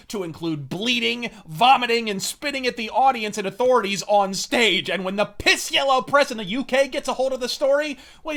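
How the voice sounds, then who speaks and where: A man's voice: high voice, fairly bright tone. A man giving a profane, sardonic scripted rant as a video reviewer. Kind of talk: scripted comedic rant narration.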